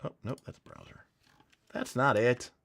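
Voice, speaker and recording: A man's voice: medium pitch, steady tone, unhurried, a bit bright. A man hosting a livestream, chatting casually and telling a story with lots of fillers and restarts. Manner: rambling, enthusiastic storytelling with many fillers. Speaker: livestream host.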